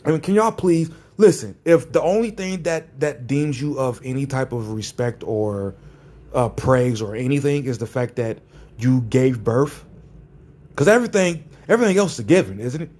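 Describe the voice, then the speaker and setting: A man's voice: mid-range voice, lively intonation, normal speed, a little mellow. A man ranting in a vlog, sarcastic and combative, often repeating his phrases for emphasis. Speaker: vlogger. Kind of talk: ranting commentary.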